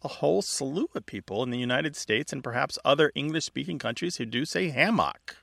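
Gravelly-voiced man co-hosting a radio show. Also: medium pitch, brisk, a bit bright, no room sound. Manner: chatty, explanatory, laughs often. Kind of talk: casual radio talk about language.

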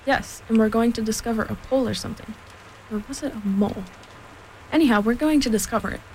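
An eager, friendly teddy bear with little wit speaks in a lifted, mellow voice, as a woman reads him aloud. Soft rain patters faintly behind the storybook. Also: fairly high pitch, fast, slight background noise, close to an everyday voice, rough recording.

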